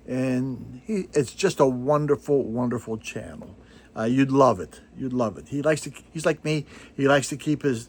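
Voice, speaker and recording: An older man hosting a vinyl record channel, chatting casually to camera in a rambling, self-deprecating way, full of digressions and fillers. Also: mid-range voice.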